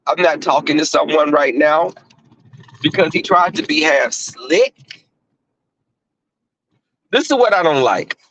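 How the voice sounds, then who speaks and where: A man's voice: a little high, a bit bright, no echo, poor audio. A middle-aged man with a Southern US accent talks to viewers in a blunt, profane, casual monologue, full of fillers and restarts. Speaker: online talk host.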